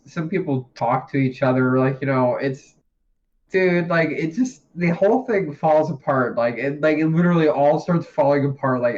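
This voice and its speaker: A man's voice: medium pitch, a little mellow. Rambling profane young man, lo-fi sound. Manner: rambling, profane, laughs often. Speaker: podcast co-host. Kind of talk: casual chat. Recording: dull lo-fi sound.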